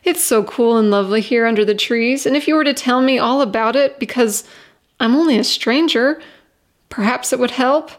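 A woman reading aloud, voicing a refined, kind lady stranger who speaks softly and soothingly in well-spoken phrases. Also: fairly high pitch, normal speed, natural voice.

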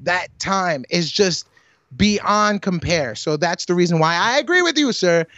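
Excitable guy cohosting a podcast, cusses a lot, high voice, dry close sound. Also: unhurried, no room sound, dull audio. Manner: excitable, swears freely, frequent restarts. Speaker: podcast co-host. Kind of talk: casual chat.

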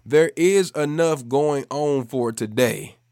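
A man preaching a devotional sermon for a podcast, emphatic and repeating key phrases for stress, speeding up and slowing down to drive points home. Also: on the high side, darkish tone, no room sound, clean studio sound.

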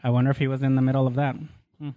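A man's voice: mid-range voice, little pitch movement, very fast, dry recording, narrow, tinny audio. A man co-hosting a podcast, chatting casually in a joking, blunt way and swearing now and then. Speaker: podcast co-host. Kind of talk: casual chat.

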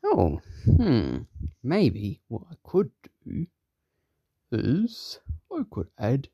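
A man voicing a bumbling man who keeps trying to fix a broken gong, squeaking in sudden high exclamations. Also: huge pitch swings, drawn-out words, creaky, dark tone, slightly rough, dry recording, dull audio, full character voice. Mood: musing. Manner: squeaky exclamations, big pitch jumps.

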